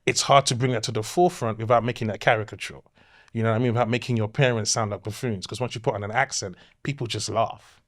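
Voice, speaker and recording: A British man, a guest comedian, telling stories in casual podcast chat with lively conversational asides. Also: fairly low pitch, fast. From Britain. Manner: animated storyteller, conversational asides.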